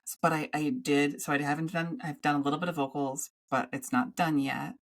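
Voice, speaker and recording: A woman with a low-pitched voice co-hosts a casual podcast. She rambles, stops and restarts her sentences, and talks into a studio microphone. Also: steady tone. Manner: rambling, halting, with many restarts. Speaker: podcast co-host.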